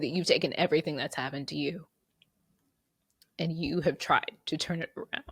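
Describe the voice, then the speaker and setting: A woman's voice: deep voice, fairly even intonation, brisk, pauses often, slightly rough, dry recording, clean studio sound. A woman hosting her podcast solo, reflecting earnestly and fighting back tears, with restarts and repeated words. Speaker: podcast host.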